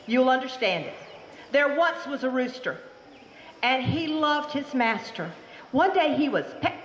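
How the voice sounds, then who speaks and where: A woman's voice: on the high side, a little slow. Theatrical woman storyteller in an echoey hall. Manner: animated, theatrical, inviting audience to join. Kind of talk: live folk storytelling to an audience. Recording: roomy hall with long echo, faint room noise.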